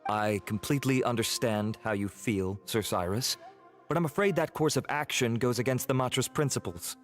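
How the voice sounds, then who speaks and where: An actor playing a polite, earnest investigator in a game, reporting in a formal tone. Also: male voice, medium pitch, normal speed, soft background music, lightly acted. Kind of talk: game voice acting.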